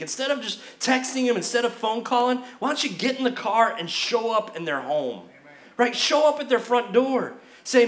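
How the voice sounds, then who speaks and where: A man's voice: high voice, fairly bright tone. A man preaching a sermon as pastor, leading the congregation in call-and-response with emphatic repetition. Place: church sanctuary. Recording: echoey church hall.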